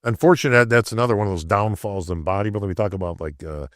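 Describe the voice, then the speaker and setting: A man's voice: fairly low pitch, quick pace, dry recording, clean studio sound. An older man from upstate New York telling casual stories as a podcast guest, acting out quotes and often asking "right?". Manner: animated, acts out quotes, says "bro" and "right?". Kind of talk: casual storytelling.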